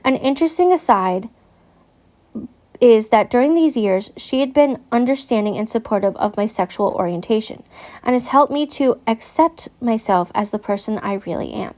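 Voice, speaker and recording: A woman's voice: on the high side, lively intonation, normal speed, a little mellow. A woman who is an adoptee, reading letters from a book aloud and stopping to give her own earnest, candid reactions.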